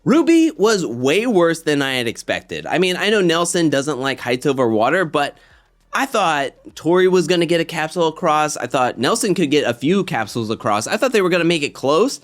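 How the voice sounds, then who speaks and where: A man hosting a casual commentary show, talking in an animated way and getting worked up as he rants. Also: fairly high pitch, fairly quick, soft background music. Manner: animated, gets worked up and ranty. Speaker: reality TV commentary host.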